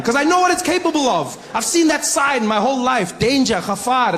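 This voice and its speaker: A man with a South African accent doing stand-up comedy, telling stories in a playful, animated way. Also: very high voice, normal speed, a little hiss or hum. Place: comedy stage.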